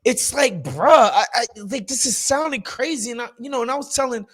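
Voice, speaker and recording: High-voiced slangy man co-hosting. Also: fairly quick. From New York. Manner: loose, slangy and animated, laughs often. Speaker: podcast co-host. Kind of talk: casual political chat.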